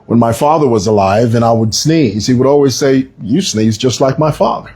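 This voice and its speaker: A man giving casual political commentary, emphatic and animated, telling stories with frequent asides. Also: medium pitch, normal speed, slight background noise. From Zambia.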